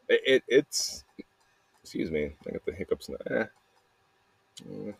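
A podcaster's voice message comes across as a rambling, repetitive confession laced with profanity and frequent "man" and "dude." His lowish, gravelly, slightly rough voice swings widely in pitch at a moderate pace with long pauses, and there's no room sound.

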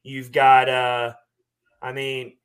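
A man co-hosting a sports podcast, talking casually and at length with relaxed fillers. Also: medium pitch, smooth. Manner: relaxed, talkative, drawn-out fillers. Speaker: podcast co-host.

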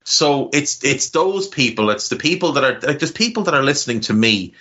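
A man's voice: medium pitch, expressive, fairly quick, bright, forceful tone, highs cut off. A man with a Navan accent from Ireland, hosting a casual podcast chat in a rambling, heartfelt way with casual swearing. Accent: Irish, Navan. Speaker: podcast host.

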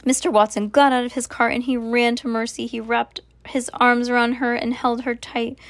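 A woman reads a children's storybook aloud at bedtime in a gentle, lightly playful way. Her voice sits on the high side, and the recording is close and dry. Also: little pitch movement, moderate pace, hardly any pauses, no room sound. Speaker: parent reading a bedtime story. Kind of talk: reading a children's book aloud.

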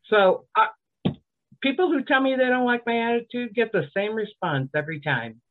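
A woman's voice: mid-range voice, sing-song, normal speed. A woman from Alabama, a podcast guest telling a story in a dry, sardonic way. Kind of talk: casual storytelling on a comedy podcast. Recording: tinny phone-like line.

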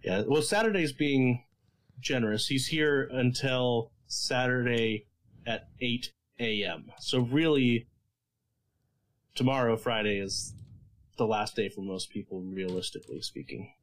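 A male podcast co-host with a mid-range voice, speaking in a casual, halting way. He fills his pauses with lots of ums and uhs as he explains things. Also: medium pitch, huge pitch swings, poor audio. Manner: hesitant, full of fillers.

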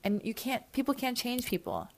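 A woman's voice: on the high side, huge pitch swings, normal speed, creaky. A woman hosting an advice podcast, talking casually and earnestly, rambling with restarts and repeating her points for emphasis. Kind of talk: casual, heartfelt advice chat.

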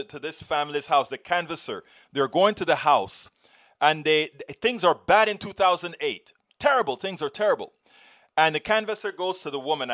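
A guest author argues heatedly in an impassioned discussion, hammering his points home, repeating himself and telling anecdotes. His voice is a little high and a bit bright.

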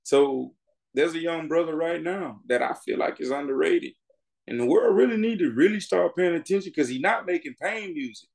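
Gravelly, preachy man on a podcast. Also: fairly high pitch, normal speed, darkish tone. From Miami, Florida. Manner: preachy, emphatic, addresses listener as bro. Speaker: music artist guest. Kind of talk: casual podcast interview.

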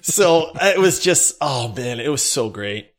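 Animated man telling a story, lively pitch. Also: measured pace. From Louisiana. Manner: animated, laughs through his story, acts out quotes loudly. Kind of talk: casual storytelling chat.

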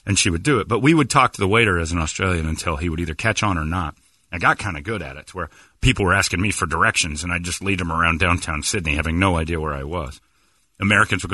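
A man's voice: sits low, fast talker, no room sound, clean studio sound. A man hosting a morning radio show, telling stories in casual banter and slipping into mock accents. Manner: animated storyteller, slips into mock accents.

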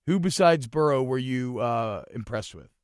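Casting: male sports podcast co-host, mid-pitched, dry close sound, animated and loud when excited. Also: normal speed, clear, resonant tone, no echo. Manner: animated, rising to excited shouting. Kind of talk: casual sports talk.

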